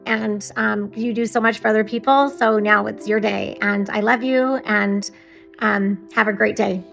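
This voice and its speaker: A woman with a gravelly, creaky voice records a birthday tribute to a close friend. She speaks tenderly and haltingly, stopping often to find her words, while soft music plays faintly behind her. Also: medium pitch, fairly even intonation. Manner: tender, halting, with many pauses and fillers. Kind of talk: heartfelt recorded message.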